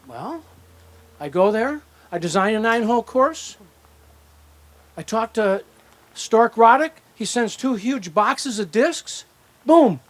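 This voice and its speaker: Speaking slowly and pausing often, an older hall of fame inductee with a high voice and big pitch swings delivers his acceptance speech outdoors at a disc golf course. He wanders from story to story, performing the dialogue as he goes.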